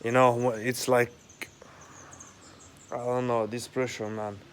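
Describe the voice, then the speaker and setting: A man in a rambling monologue at home, agitated and profane, halting often with fillers. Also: medium pitch, little pitch movement, slight background noise. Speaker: vlogger. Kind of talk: rambling direct-to-camera monologue. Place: at home, indoors.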